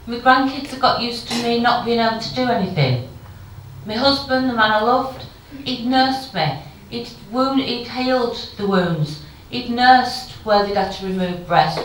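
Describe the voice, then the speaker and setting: A woman's voice: a little high, slight background noise. A woman in her fifties giving a frank, emotional conference speech with wry humour. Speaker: keynote speaker. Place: conference hall. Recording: very echoey hall, far from the mic.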